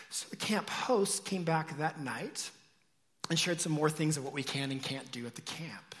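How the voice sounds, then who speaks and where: A man preaches a sermon with a bright, tense edge, swinging from loud shouts down to hushed, near-whispered lines. His voice carries a long reverb, as if it fills a large sanctuary. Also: a little high, expressive, moderate pace. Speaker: pastor.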